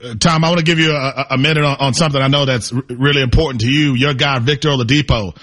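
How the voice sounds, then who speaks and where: Fast-talking radio co-host man. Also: medium pitch, steady tone, fairly bright tone. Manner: quick, curious, interjecting. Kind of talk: sports talk radio.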